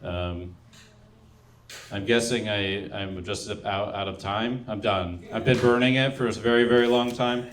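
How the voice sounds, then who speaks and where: A man's voice: lowish voice, steady tone, measured pace, slight background noise. A young man doing a stand-up set, delivering one-liners and trailing off into mumbles between jokes. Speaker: stand-up comedian. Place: comedy club stage.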